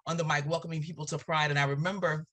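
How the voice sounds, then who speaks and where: A woman from Virginia with a Southern accent, a nonprofit board president chatting as a guest on a local TV interview show, animated and full of ums and laughs. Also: deep voice, quick pace. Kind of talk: casual interview talk. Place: local TV studio.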